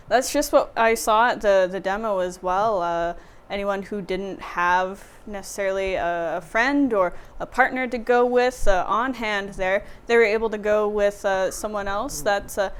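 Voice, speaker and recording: A woman's voice: medium pitch, clean tone. A woman co-hosting a local newspaper talk show, upbeat and chatty, with many filler words. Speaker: newspaper co-host. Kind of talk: casual chat.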